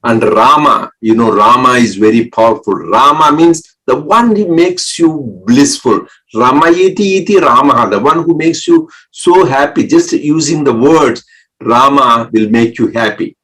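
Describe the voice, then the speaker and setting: A man giving a spiritual talk, explaining mantras slowly and breaking words into syllables, pausing often for an interpreter. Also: medium pitch, a bit bright, rough recording. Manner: breaks words into syllables, with many restarts and pauses. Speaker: spiritual speaker.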